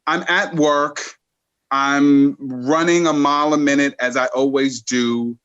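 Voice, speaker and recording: A man's voice: medium pitch, fairly even intonation, slow pace, fairly bright tone. A man co-hosting a podcast, eagerly jumping in to share his own story. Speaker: podcast co-host and coach. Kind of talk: casual conversation. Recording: slightly dull lo-fi audio.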